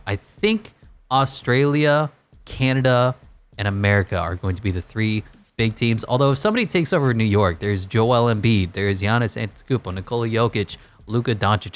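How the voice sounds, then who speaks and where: A man giving joking play-by-play commentary over a basketball video game, in a dry, mock-announcer manner. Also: on the low side. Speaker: gaming YouTuber.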